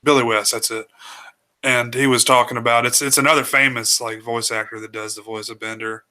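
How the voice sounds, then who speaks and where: A man co-hosting a film podcast, chatting casually in a hesitant, halting way. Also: mid-range voice, little pitch movement, pushed and bright. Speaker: podcast co-host.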